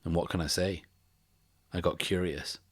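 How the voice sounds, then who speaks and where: A man's voice: low-pitched, little pitch movement, normal speed, a bit bright, slightly rough. A man voicing a curious, wry spacefarer who speaks in a plain, offhand way. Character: curious, wry male ship captain.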